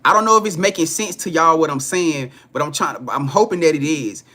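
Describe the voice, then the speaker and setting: Casting: man, high bright voice, chatty live-stream card reader, loose and profane, keeps checking in with viewers. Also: expressive, fairly quick. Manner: repetitive, profane, chatty, laughs often; talks straight to viewers. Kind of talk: casual live-stream reading.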